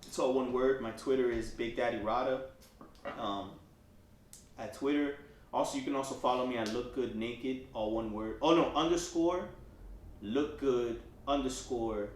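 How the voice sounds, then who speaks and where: A man's voice: medium pitch, normal speed, roomy sound, recorded from a distance, slight background noise. A young man co-hosting a casual comedy podcast, acting out both sides of his stories with lots of cursing and laughter. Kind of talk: casual storytelling chat.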